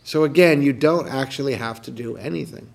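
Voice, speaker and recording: A man who teaches meditation, guiding a mindfulness practice outdoors in a calm, gentle, unhurried way with soft, repeated questions. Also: mid-range voice, gravelly. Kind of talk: guided meditation talk. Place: outdoors on a morning walk.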